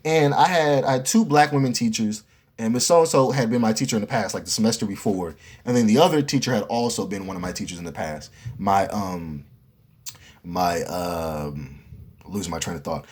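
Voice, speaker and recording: Animated young man telling a story. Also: lowish voice, normal speed, husky. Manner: animated, slangy and profane, with frequent asides to the viewer. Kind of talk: casual storytime monologue.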